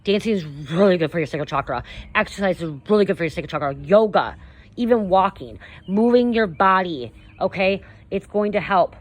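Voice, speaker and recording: A woman's voice: on the low side, expressive, a little fast. A woman giving earnest spiritual advice in a casual, rambling monologue, often adding "you know" and "okay?". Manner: earnest, coaching tone addressing viewers. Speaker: spiritual content creator.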